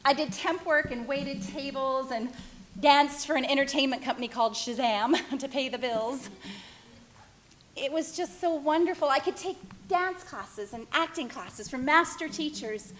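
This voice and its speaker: A middle-aged woman telling her own life story as a theatrical one-woman monologue, expressive and wistful. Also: high-pitched, measured pace, slight background noise, rough recording. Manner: expressive, wistful, self-reflective. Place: stage.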